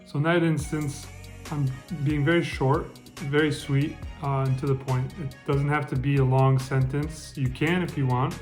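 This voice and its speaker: A man giving a casual spoken lesson on getting by in France, relaxed and full of ums and restarts. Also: medium pitch, moderate pace, faint music behind. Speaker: French language teacher. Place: lives in France.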